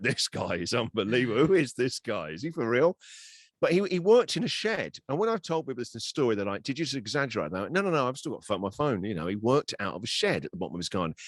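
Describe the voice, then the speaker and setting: A man being interviewed, telling a lively anecdote and acting out both sides of the conversations in it. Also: lowish voice, dry recording, studio quality. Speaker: radio host and interview guest. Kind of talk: animated storytelling in an interview.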